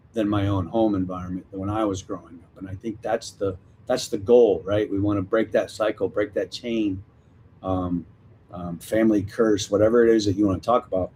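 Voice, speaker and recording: A man's voice: lowish voice, darkish tone, a little hiss or hum. A man in his fifties hosting a live talk, earnest and reflective, often checking in with "right?". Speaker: host of a veterans support livestream.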